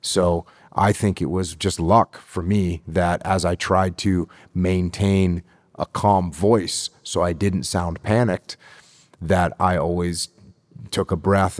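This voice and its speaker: A middle-aged man from the United States talks as a podcast guest, steady and measured, and drives his points home by repeating them. His voice sits very low, and the sound is close and dry, with no room around it. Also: dry recording. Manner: emphatic, repeats key phrases for stress. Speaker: guest, retired military officer. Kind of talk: podcast interview.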